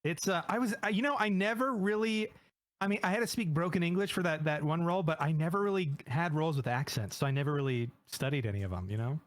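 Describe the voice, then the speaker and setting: A man chats easily next to the host and laughs along. His voice sits a bit high. The sound is dry and close. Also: quick pace, dry recording. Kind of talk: casual chat.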